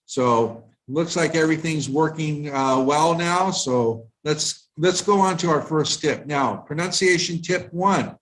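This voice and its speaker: A man from the United States giving a live online lesson on pronunciation, explaining in a measured way with frequent fillers and restarts. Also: a little high, a bit bright, rough recording. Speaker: IELTS tutor.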